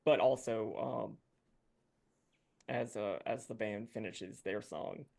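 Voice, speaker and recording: A man narrating as game master in a rambling, halting way with many fillers. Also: fairly low pitch, creaky, darkish tone.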